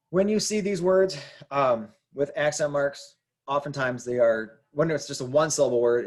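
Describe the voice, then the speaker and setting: A man teaching Spanish spelling in English, patiently explaining rules and repeating example words slowly. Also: medium pitch, darkish tone. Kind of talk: explaining grammar to learners.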